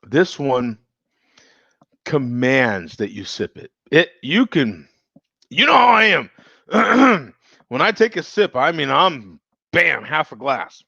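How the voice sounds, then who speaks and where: A man's voice: mid-range voice, very animated, slow, vocal fry, pushed and bright, no room sound, dull audio. A man casually reviewing a beer on a live stream, joking and laughing often as he chats with viewers.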